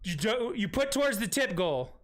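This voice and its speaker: A man's voice: sits high, very animated, normal speed. A man hosting a live stream in casual chat, rambling with profane, self-mocking asides. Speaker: stream host.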